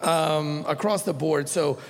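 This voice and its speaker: A man hosting a casual podcast chat, loud and teasing, swearing freely. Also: fairly high pitch, slow pace, vocal fry. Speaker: podcast host. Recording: long room reverb.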